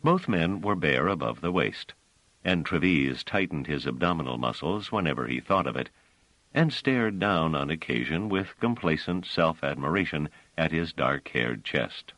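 A man narrating an audiobook with expressive storytelling. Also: a bass voice, normal speed, dry recording, rough recording. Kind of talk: scripted narration.

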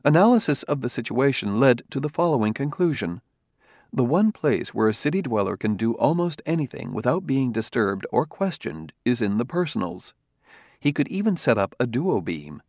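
A man voicing a calm, precise male humanoid robot detective who speaks in a measured, formal, logical way. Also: medium pitch, dry recording, studio quality. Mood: composed.

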